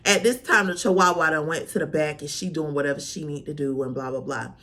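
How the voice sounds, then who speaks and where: A woman vlogger tells a storytime in a sassy, animated way, packed with slang. Her voice sits a little low but comes across bright and forceful. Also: a little fast. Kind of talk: storytime vlog.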